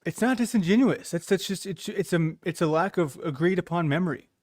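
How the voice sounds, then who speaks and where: A man's voice: high-pitched, brisk, a little mellow, no room sound, studio quality. A man co-hosting a podcast who defends himself in a heated argument, hesitating with fillers before pushing back.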